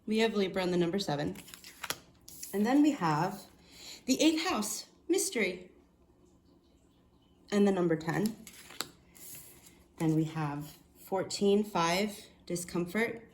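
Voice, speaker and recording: A woman giving a casual tarot reading, excitable and profane, often restarting her sentences. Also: medium pitch, slow, pauses often, echoey room, slight background noise. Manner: excitable, swears, laughs, trails off and restarts. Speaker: tarot reader.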